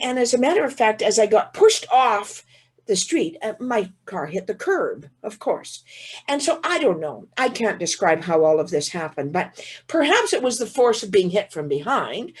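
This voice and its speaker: Husky, lively woman storyteller. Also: mid-range voice. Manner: animated, vivid storyteller who often repeats words as she restarts. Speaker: keynote speaker. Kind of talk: humorous personal storytelling in a keynote talk.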